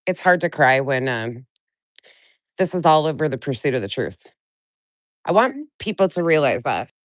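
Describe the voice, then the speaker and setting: A woman's voice: deep voice, animated, normal speed, no room sound, clean studio sound. Stuffy-nosed woman venting on a live stream. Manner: blunt, venting, swears freely; greets chat viewers by name. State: stuffy nose from a cold. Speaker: livestream host. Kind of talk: casual live-stream chat.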